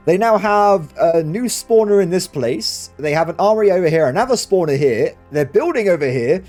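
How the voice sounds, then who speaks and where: Excitable man doing game commentary. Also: sits high, normal speed, faint music behind. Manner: excitable, talks to himself and viewers. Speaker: gaming channel host.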